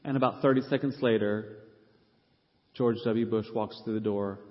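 Man, middle-aged pastor, storytelling sermon, animated and joking, reverberant hall, dull lo-fi recording. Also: fairly low pitch, normal speed. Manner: animated, self-deprecating humor, acts out quoted voices.

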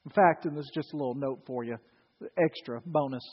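A man's voice: mid-range voice, fairly quick, breathy edge. A man preaching a sermon to a congregation, telling the story with acted-out voices and questions to the audience. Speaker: pastor. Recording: dull, echoey hall recording. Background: live congregation.

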